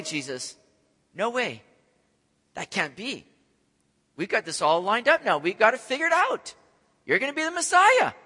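A man preaching, acting out an eager, brash male apostle in a loud, high voice. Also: slightly rough, long reverb tail, heavily acted. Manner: high-pitched, loud, pleading.

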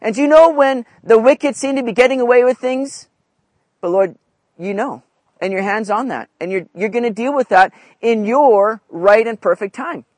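A pastor delivers a conversational sermon in a very high-pitched voice at a moderate pace, with no echo. He often checks in with listeners, asking "right?" again and again.

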